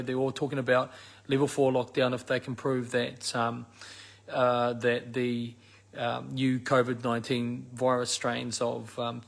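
Gravelly, husky New Zealand man. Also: medium pitch. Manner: emphatic, repeats words for stress, many fillers. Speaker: activist addressing supporters. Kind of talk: impassioned spoken message.

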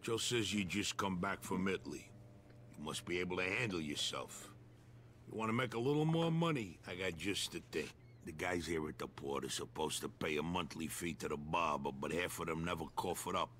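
An actor playing a shrewd middle-aged dockside crime boss who talks in a streetwise, persuasive way. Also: male voice, deep voice, expressive, normal speed, a bit bright, slight background noise. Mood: scheming.

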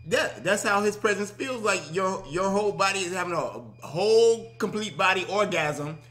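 Slow, halting man in a discussion. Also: high-pitched, lively intonation, sharp tone. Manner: slow, drawn-out, halting with repeated words. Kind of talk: casual religious discussion.

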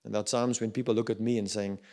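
A middle-aged man with a South African accent preaching a sermon, swinging between loud urging and quiet reflection. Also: lowish voice, little pitch movement, fast. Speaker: pastor.

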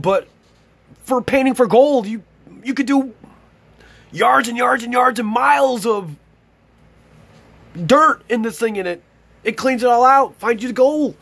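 A man opening fan mail on camera in an excited, gushing, exclamatory vlog chat. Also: extremely high pitch, breathy edge. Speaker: YouTube vlogger opening mail. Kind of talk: excited casual unboxing chat.

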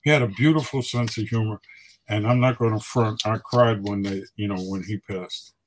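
An older man, a photographer guest, telling stories in a casual, animated way and acting out quotes. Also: fairly low pitch, normal speed, a little hiss or hum, rough recording. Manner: animated storyteller, acts out quotes. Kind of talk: casual storytelling.

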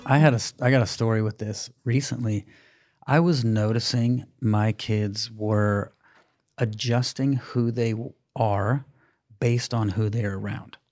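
A man co-hosting a parenting podcast, telling a family story in an animated way, acting out the quoted dialogue. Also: fairly low pitch, measured pace, soft background music. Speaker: podcast co-host. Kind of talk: casual parenting chat.

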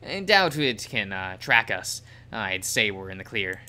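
Guy doing a chill dry medic, talks slow, lifts his voice a bit, bright tone. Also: fairly low pitch, very animated, heavily acted.

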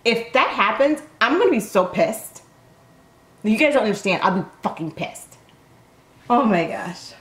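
Woman, excited reaction host, swings wildly up and down in pitch, curses and gasps. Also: a little slow, long pauses, roomy sound. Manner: loud, swearing, gasping and shouting at the screen.

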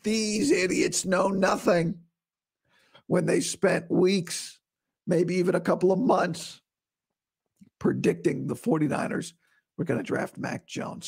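Man, sports podcast host, hoarse and breathy, raspy high voice, blunt opinions. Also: darkish tone. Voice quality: rough, breathy voice dropping into whispers. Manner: blunt, opinionated, talks straight to listeners. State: hoarse, recovering from vocal cord surgery. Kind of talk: casual solo podcast monologue.

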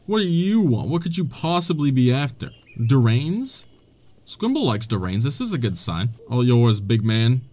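A man's voice: medium pitch, very animated, normal speed, a little mellow. A young man hosting a gaming channel, giving playful, jokey let's-play commentary and chatting to the characters on screen.

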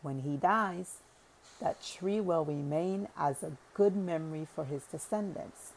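A woman's voice: sits low, darkish tone, poor audio. Woman reading a solemn wise old man. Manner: measured, sermonizing pronouncements. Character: thoughtful wise older man, elder brother.

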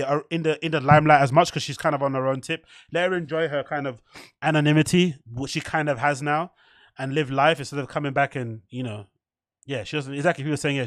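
A man's voice: a little high, no room sound, clean studio sound. A man hosting a live stream, rambling and swearing as he reacts to a fight and reads out chat. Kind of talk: casual live-stream commentary.

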